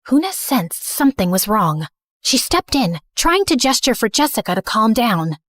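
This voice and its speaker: A woman's voice: a little high, sing-song, normal speed, dry recording, studio quality. Young woman narrating in first person. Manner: earnest, emotional storytelling.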